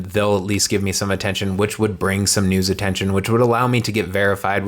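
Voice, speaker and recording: A man talking fast in a sarcastic commentary monologue. His voice sits a little low, and his asides come out dry and deadpan. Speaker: political commentary creator.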